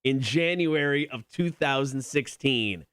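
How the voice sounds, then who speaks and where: A man's voice: medium pitch, fairly bright tone, clear, resonant tone, no room sound, studio quality. A man co-hosting a morning radio show, running a quiz segment with upbeat announcer delivery. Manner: upbeat announcer delivery, reads quotes slowly. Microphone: studio microphone.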